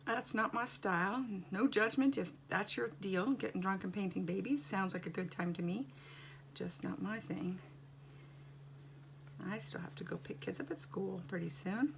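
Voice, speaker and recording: A woman's voice: mid-range voice, moderate pace, gravelly, a little hiss or hum. A woman doll artist chatting casually and wryly as she works in her home studio, rambling from one thought to the next. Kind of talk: casual chat while working.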